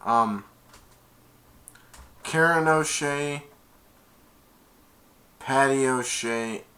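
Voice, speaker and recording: A man's voice: medium pitch, sharp tone. A man casually retelling a movie plot, rambling, laughing and acting out the quotes. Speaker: movie reviewer.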